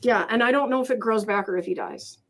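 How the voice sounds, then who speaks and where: A woman's voice: a little high, fast. A woman hosting a casual livestream chat, telling stories in a chatty, stumbling way. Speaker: host.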